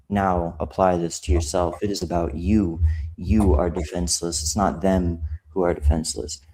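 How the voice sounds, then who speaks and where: A man leads a casual Bible study, explaining passages at a very slow, unhurried pace. His voice is low-pitched and mellow. He circles back and rephrases each point as he goes. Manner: slow, repetitive explaining with restarts.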